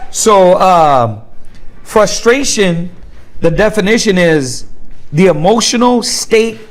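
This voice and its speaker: His voice is high with lively intonation and a slow pace, captured on a rough recording. Leading an informal Bible class, he keeps asking the group "right?" as rhetorical questions, uses slang, and repeats words when restarting.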